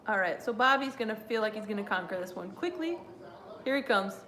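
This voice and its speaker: A woman's voice: mid-range voice, expressive, a little fast, pushed and bright, slight background noise. A young woman hosting a casual live watch-along stream, chatty and giggly as she reads viewer chat aloud. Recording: roomy echo.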